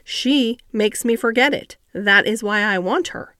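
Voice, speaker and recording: A woman reading the part of a sickly, imperious ten-year-old boy in a soft, commanding voice. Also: a little high, measured pace, no echo, clean studio sound.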